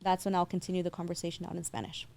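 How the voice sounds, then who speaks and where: A woman in her thirties talks through her work as an interview guest, confident and fluent. Her voice sits low and mellow, with a warm, soft edge. She explains step by step and rarely stumbles. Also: little pitch movement, rapid-fire, gravelly, a little hiss or hum. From San Diego. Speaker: guest, loan officer. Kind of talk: casual interview.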